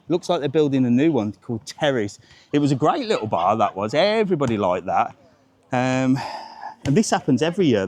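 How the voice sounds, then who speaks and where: A man hosting a live travel vlog as he walks outdoors in the rain, talking bluntly and swearing as he chats with his viewers. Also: mid-range voice. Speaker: travel vlogger host. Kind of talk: live-streamed walking vlog. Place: outdoors on a seaside promenade in rain.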